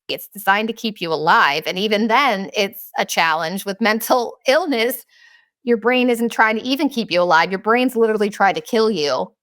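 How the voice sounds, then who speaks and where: A woman's voice: medium pitch, a bit bright, no echo, studio quality. A woman in her thirties hosting a podcast, talking frankly about her own life in a blunt, candid monologue and swearing freely. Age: 30s. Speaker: podcast host.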